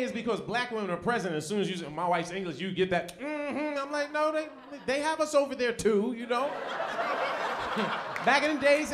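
A man in his forties from the United States doing an animated stand-up set on a comedy club stage. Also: high voice, noisy background. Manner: animated storytelling, slips into voices. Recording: live club with audience laughter.

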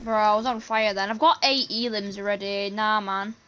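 A woman casually commenting on her own gameplay and talking excitedly to her teammates. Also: medium pitch, normal speed. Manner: chatty, excitable, talks to teammates while playing. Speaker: gaming channel host.

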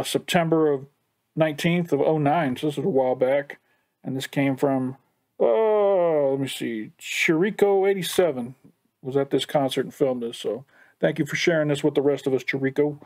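A man's voice: on the high side, darkish tone. An American man hosting a music reaction, talking casually and eagerly, repeating his praise with frequent "uh" fillers. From United States.

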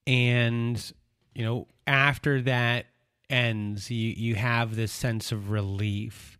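A man hosting a podcast, asking measured, gentle questions of his guest. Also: mid-range voice, flat delivery, smooth, no room sound, studio quality. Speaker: podcast host. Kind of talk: interview.

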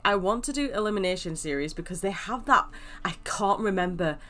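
A young woman casually chatting and rambling through gameplay commentary as a gaming channel host, with sudden excited squeals. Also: mid-range voice, a little fast.

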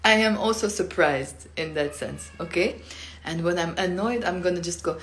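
A woman from Lebanon giving a casual online language lesson, acting out each sound playfully with big jumps in pitch and loudness. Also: moderate pace. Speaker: Lebanese Arabic teacher.

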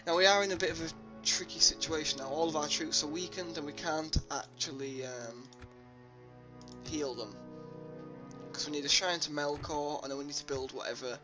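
A man's voice: a little high, normal speed, muffled recording. A young man casually commenting on his gameplay, rambling with lots of ums and uhs. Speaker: let's play host. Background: game music.

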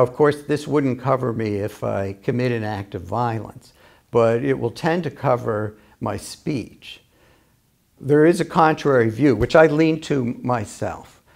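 A male history professor as an interview guest, explaining ideas in a measured, lecturing way, laying out arguments point by point. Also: medium pitch, creaky. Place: UMass Amherst.

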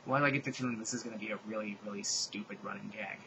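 A man giving a comedic dramatic reading of a fan fiction, mock-serious with sarcastic deadpan asides. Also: fairly low pitch, rapid-fire, creaky, slight background noise, low-quality recording.

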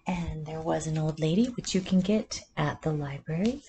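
A woman reading a picture book aloud at storytime, in a slow, soothing bedtime manner. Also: low voice, dark tone, a little hiss or hum. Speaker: storytime reader.

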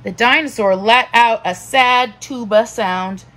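A woman teacher narrating a children's book aloud in a slow, expressive storytelling manner. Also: a little high, low-quality recording.

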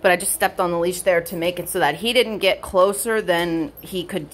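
A woman dog trainer explaining a training session in casual narration at home, switching between high bright praise for her dog and low quiet explanation. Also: steady tone, moderate pace, a little hiss or hum. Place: indoors at home with pets.

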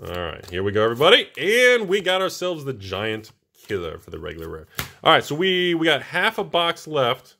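A male host giving casual, excitable, joking commentary while opening card packs. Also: medium pitch, moderate pace, gravelly, a little hiss or hum. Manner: excitable, exclaiming, jokey.

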